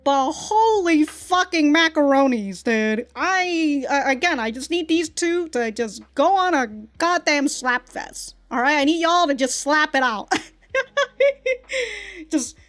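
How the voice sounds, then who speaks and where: A woman's voice: high voice, slow, fairly bright tone. A woman hosting a casual reaction commentary who swears a lot, laughs often and rambles with restarts. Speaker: reaction video host.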